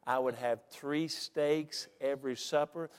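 A middle-aged man telling a story from the pulpit in a folksy, animated way and acting out the quotes. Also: mid-range voice, measured pace, clear, resonant tone. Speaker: preacher. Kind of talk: storytelling sermon. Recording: long hall reverb.

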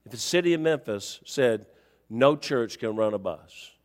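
A male pastor preaching a sermon, telling a story and rising to near-shouts as he acts out the exchange. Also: mid-range voice, lively intonation, a little slow, big-room sound.

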